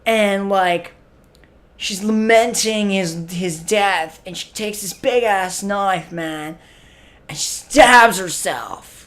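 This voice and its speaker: An actor with a high-pitched, slightly bright voice speaks slowly as a clueless young stoner hosting a comic web show. Laid-back and spaced-out, he drawls through a comedy sketch monologue full of fillers and repeated "man."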